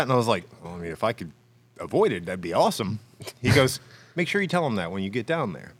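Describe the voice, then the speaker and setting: A man on a podcast, telling a personal story in a casual, animated way, acting out the dialogue and laughing as he goes. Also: mid-range voice, quick pace.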